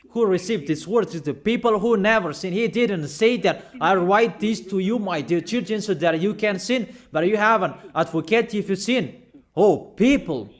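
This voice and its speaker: High-voiced man preaching a scolding sermon. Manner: forceful, scolding, rhetorical questions.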